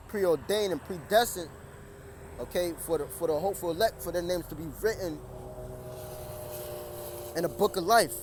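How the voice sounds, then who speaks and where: A high-pitched male preacher reads scripture outdoors next to a busy street, speaking at a moderate pace and pausing often. He repeats himself, stumbles and restarts, and raises his voice whenever traffic passes.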